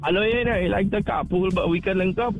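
Easygoing trini guy calling the radio, slightly high voice, music in the back. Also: fast, rough recording. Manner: easygoing, laid-back, loose slang. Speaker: caller. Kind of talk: casual phone-in chat.

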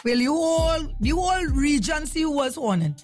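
Lively, high-voiced woman hosting a morning radio show, casual chat over faint music. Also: moderate pace. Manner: lively, chatty, laughs often.

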